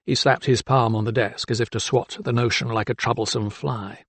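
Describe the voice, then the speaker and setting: A man reading an audiobook in scripted narration, even and measured. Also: mid-range voice, gravelly, slightly rough, dry recording. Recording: dry close studio sound.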